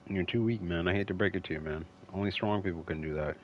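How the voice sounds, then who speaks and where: A man's voice: low-pitched, fast, muffled recording, a little hiss or hum. A man streaming a video game, giving casual, rambling, self-deprecating commentary.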